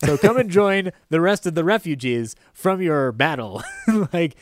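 A man co-hosting a film chat, joking constantly and breaking into laughter between points. His pitch swings widely as he talks, and the sound is close and dry with no room around it. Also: very animated, no echo. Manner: jokey, laughs often, slips into quick silly character voices. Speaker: podcast co-host. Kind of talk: casual film discussion.

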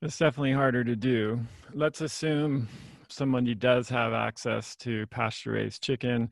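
Podcast host guy, super gravelly, kinda monotone, long winding questions, dry sound. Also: medium pitch, normal speed, dry recording. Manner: long rambling questions with many qualifiers. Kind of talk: conversational podcast interview.

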